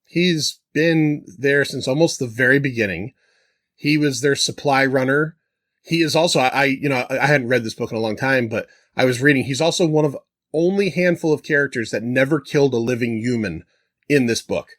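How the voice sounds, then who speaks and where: A man's voice: mid-range voice, normal speed, fairly bright tone, no echo, studio quality. Man reflecting thoughtfully in podcast chat. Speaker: podcast co-host. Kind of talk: casual chat.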